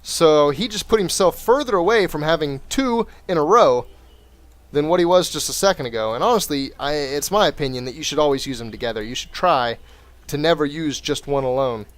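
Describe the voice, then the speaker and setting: A man's voice: on the high side, brisk. Chatty man casting a game replay. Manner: wry, chatty play-by-play with jokes. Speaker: game caster. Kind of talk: casual game commentary.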